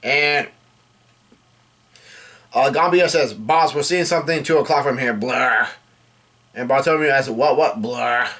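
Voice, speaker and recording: A man reads a manga chapter aloud casually, his voice a little high and fairly bright, moving at a moderate pace with frequent pauses. He speaks the characters' lines in his own plain voice and often catches and corrects himself mid-sentence.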